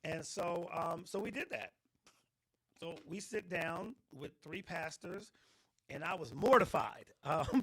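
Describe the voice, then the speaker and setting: A middle-aged man, a pastor, telling his personal testimony in an interview with animated storytelling, acting out the voices of people in his story. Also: high-pitched, slow, gravelly, breathy edge. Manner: animated storytelling, acts out quotes.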